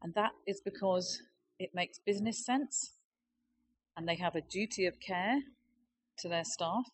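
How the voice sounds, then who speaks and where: A woman with a somewhat low voice speaks at a conference. She explains steadily and persuasively. A faint noise sits under her voice. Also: rough recording. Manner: plain, persuasive, explaining with figures. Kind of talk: conference presentation.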